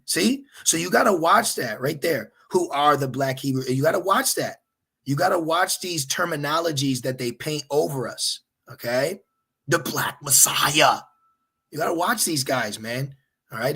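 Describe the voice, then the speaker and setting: A man teaching his listeners informally while searching online, animated and exhorting, repeatedly checking with "okay?". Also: on the high side, creaky, breathy edge. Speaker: religious teacher.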